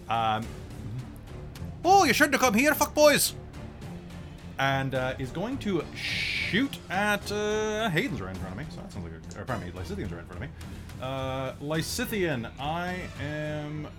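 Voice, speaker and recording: A man narrating a tabletop game as game master, chatty and full of fillers and self-corrections. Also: medium pitch.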